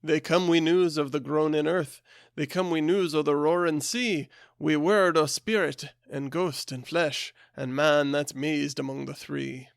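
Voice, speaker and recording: A man's voice: a little high, fairly even intonation, a little slow, vocal fry, smooth, dry recording, studio quality. A man voicing a proud, defiant harper-knight, declaiming rhythmic verse in a put-on Scottish accent.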